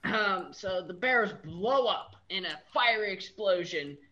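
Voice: mid-range voice, lively intonation, a little slow, pushed and bright, highs cut off, a little hiss or hum. A game master narrating a tabletop game, dryly teasing the players about their choices. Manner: dry, teasing.

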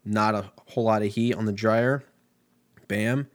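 A man's voice: fairly low pitch, fairly even intonation, measured pace. A man ranting comically, swearing constantly, laughing often and drifting from tangent to tangent. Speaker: comedian. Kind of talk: rambling comedic rant.

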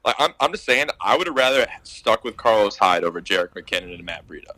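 A man's voice: on the low side, animated, fast, sharp tone, no room sound. A man co-hosting a casual sports chat, arguing his points emphatically and swearing freely. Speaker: podcast co-host.

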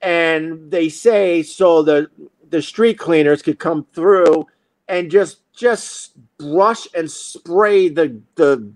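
A man's voice: on the high side, dry recording. A man telling a comic story in a profane, self-mocking monologue as host.

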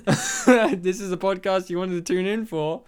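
A woman hosting a casual movie review podcast, talking excitedly and laughing often. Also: medium pitch, a little slow, clean tone. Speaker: podcast host.

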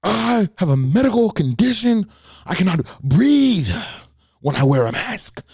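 A man putting on the voice of a shrill, indignant middle-aged woman customer who is shouting her complaints. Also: very animated, measured pace, vocal fry, slightly rough, no room sound, studio quality, exaggerated voice. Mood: demanding.

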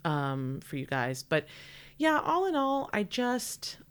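A woman's voice: medium pitch, sing-song, slow pace, clean tone. A woman co-hosting a podcast, chatting with enthusiasm about a movie she loves, with plenty of fillers. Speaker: podcast co-host. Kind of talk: casual chat about a movie.

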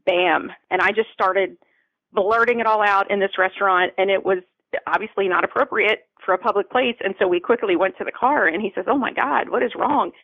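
A woman's voice: medium pitch, a little fast, no room sound. A woman from Florida tells her story as a guest, earnest and open, often repeating words for weight. Her voice comes over a thin, phone-like line. The sound is dry, with no room around it. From Florida, USA. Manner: earnest, repeats phrases for emphasis. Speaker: podcast guest. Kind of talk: emotional personal storytelling.

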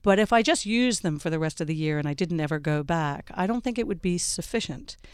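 A woman's voice: lowish voice, animated, brisk, clear, resonant tone, no room sound, studio quality. A middle-aged woman hosting a radio talk show, introducing guests in a chatty way full of ums and uhs. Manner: warm, chatty introductions with many fillers.

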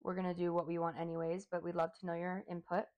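A woman's voice: lowish voice, monotone, fast talker, darkish tone. A woman co-hosting a casual podcast, chatting emphatically and repeating her points. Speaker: podcast co-host. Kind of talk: casual chat.

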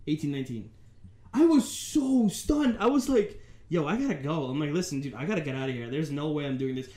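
A lively young man on a casual podcast, his fairly high voice swinging up and down as he acts out each part of his story. He swears freely and keeps the tale moving. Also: fast talker. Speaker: podcast co-host.

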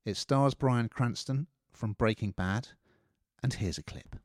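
A man's voice: medium pitch, measured pace, slight background noise. A man casually reviewing films and TV series on a radio show, chatty and opinionated.

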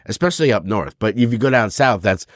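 A man in his fifties tells rambling, profane stories in casual podcast chat and slips into quick impressions of the people he quotes. His voice sits on the low side but swings widely in pitch. The sound is dry and close, with no room echo. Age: 50s. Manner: profane, animated storyteller acting out quoted voices. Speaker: podcast co-host.

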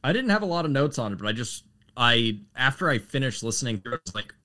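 Brief: relaxed young male co-host, middle-pitched voice, dry jokes in casual music talk. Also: fast. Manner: easygoing, wry, mildly critical. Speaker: podcast co-host. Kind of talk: casual chat.

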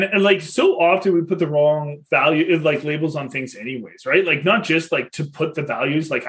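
A man in his thirties, a dad who hosts a podcast, tells a story in a lively, easygoing way with frequent laughter. His voice sits on the high side.

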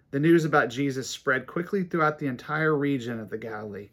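A man preaching a sermon, animated and rising to emphatic peaks, reading scripture aloud between his comments. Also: medium pitch, fairly quick, hardly any pauses. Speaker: pastor.

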